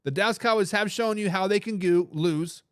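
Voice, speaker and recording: Hosting a live sports talk stream, a man energetically argues his picks and reads viewer comments aloud, animated, heavy on hype phrases, often restarting. His smooth voice sits high and runs at normal speed. It's studio-quality audio with no room sound.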